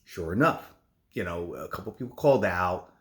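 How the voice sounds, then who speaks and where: Low-voiced man rambling in a casual vlog. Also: animated, fairly bright tone. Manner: rambling, halting with many restarts. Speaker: nurse. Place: home kitchen.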